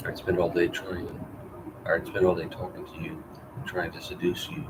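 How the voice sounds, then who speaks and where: A man's voice: low voice, flat delivery, moderate pace. A man reading and editing his own story aloud live, wry, profane and self-mocking. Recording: loud background noise.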